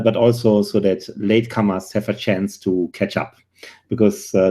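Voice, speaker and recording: A man's voice: on the low side, dark tone. German-accented man hosting a webinar. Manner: earnest, many filler pauses, dry humor. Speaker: webinar host, career recruiter. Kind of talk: presenting a live webinar.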